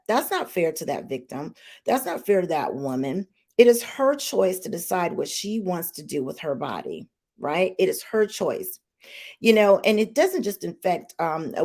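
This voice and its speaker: A woman podcast host with a lowish, sing-song voice speaks at a moderate pace, her tone a little mellow. On a live online stream she gives casual opinions straight to her viewers, outspoken and emphatic, repeating her points.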